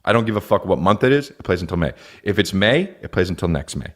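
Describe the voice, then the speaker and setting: A man in his thirties hosting a podcast, ranting comedically with lots of swearing and quick put-on voices. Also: low-pitched. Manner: profane, animated, acts out silly voices. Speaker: podcast host. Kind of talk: comedic rant.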